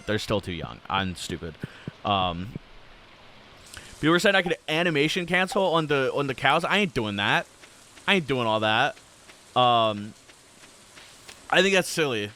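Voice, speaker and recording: Bright-voiced young man, rambling game chatter. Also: mid-range voice, a little hiss or hum. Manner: rambling, many fillers and restarts; easygoing, chatty. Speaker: gaming video creator. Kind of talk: casual commentary while playing a game.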